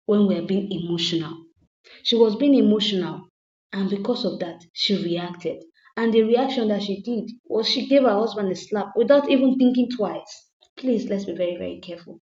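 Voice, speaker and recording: A woman's voice: mid-range voice, a little mellow. A woman recapping a movie casually, retelling scenes dramatically with moralizing asides. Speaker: movie reviewer. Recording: roomy, dull lo-fi sound.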